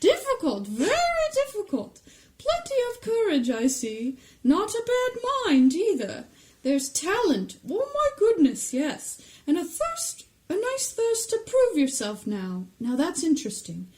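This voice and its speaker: A woman putting on a squeaky high old talking hat from a storybook, musing. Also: wildly swooping pitch, measured pace, a little mellow, exaggerated voice. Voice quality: high weird voice.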